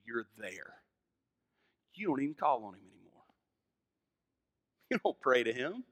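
A man with a Southern American accent preaching a sermon, moving from hushed lines to loud, fervent emphasis. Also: mid-range voice, sing-song, unhurried. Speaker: pastor.

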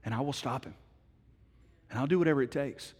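A middle-aged man preaching a sermon as pastor, telling a story with swings from hushed words to loud, emphatic ones. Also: medium pitch, brisk, husky, in a large hall.

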